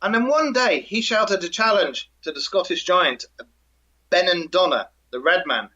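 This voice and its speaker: A man's voice: high voice, expressive, normal speed, pushed and bright. A male co-host of a live show, chatting and reading a folk tale with dry humor. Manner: dry, jokey storyteller. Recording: dull lo-fi audio.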